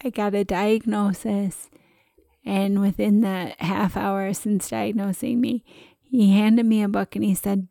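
A woman co-host talking in a chatty, animated way, often breaking into laughter. Her voice has a noticeable gravelly fry. The sound is dry and close to the mic. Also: medium pitch, unhurried, no room sound. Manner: chatty and expressive, with frequent laughs. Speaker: podcast co-host. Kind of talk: casual conversation.

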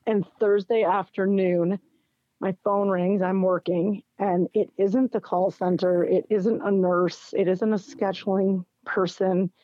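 A woman's voice: medium pitch, a little slow, no echo. A middle-aged woman, an interview guest, telling a personal story in casual chat and acting out what others said. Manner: animated, acts out quoted dialogue with laughs. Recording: dull, dry lo-fi recording.

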